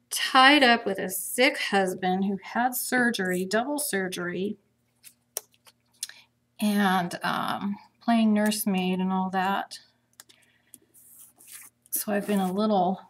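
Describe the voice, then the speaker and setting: A woman's voice: medium pitch, a little hiss or hum. A middle-aged woman chatting her way through a live craft demonstration, thinking aloud as she works.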